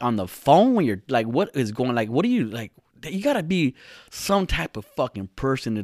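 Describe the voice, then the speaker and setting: A man rambles through a personal story in an easy, unpolished way, cursing often and sliding up into excited high bursts before dropping back to a low murmur. His voice sits at an ordinary pitch and sounds dry and close, with almost no room around it. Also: no room sound. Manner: animated, swearing, rises high when retelling. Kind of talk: casual storytelling monologue.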